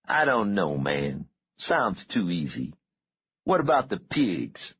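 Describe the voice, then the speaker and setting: A man's voice: sits low, very animated, slow, a bit bright, slightly rough, voice pushed up, exaggerated voice. A man voicing an impatient young gang leader who snaps questions and orders. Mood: stern. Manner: snapping, impatient. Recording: dull lo-fi recording.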